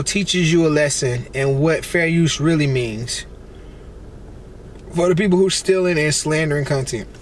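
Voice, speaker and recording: A man with a notably high-pitched voice, talking loosely and excitedly through a meal and a rant. He calls out and exclaims between bites in a chatty vlog manner. Faint noise hums underneath. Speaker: celebrity blogger and vlogger. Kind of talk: casual rant while eating on camera.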